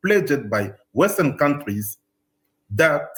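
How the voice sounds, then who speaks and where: A man's voice: a little high, very animated, slow, fairly bright tone. A man speaking as a public health official, earnest and warning.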